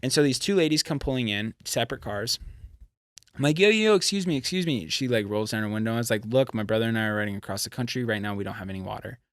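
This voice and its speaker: A young man from California, a podcast guest, telling a road story in a casual, profane, animated way. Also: lowish voice, quick pace, dry recording, studio quality. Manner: animated, profane, acts out quotes.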